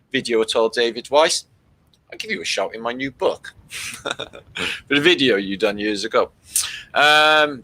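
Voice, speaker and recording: Sweary man, bright voice, rambling. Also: on the low side, poor audio. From Britain. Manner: rambling, sweary, reads out chat comments. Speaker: livestream host. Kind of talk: casual livestream chat with viewers.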